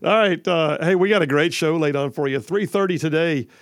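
A man hosting a talk radio show in a studio, in an energetic, folksy, chatty way. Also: fairly high pitch, brisk, dry recording.

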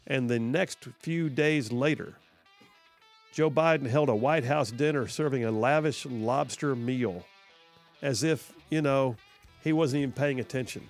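A man hosting a talk radio show, giving opinionated political commentary and repeating his points for emphasis. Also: medium pitch.

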